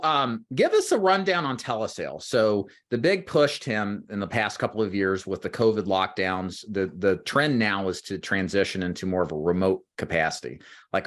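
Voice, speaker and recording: A man with a low, deep voice hosts a sales-training interview over a video call. He talks in long explanatory stretches and turns to address the viewers directly. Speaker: host and agency owner. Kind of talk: interview for a recruiting livestream.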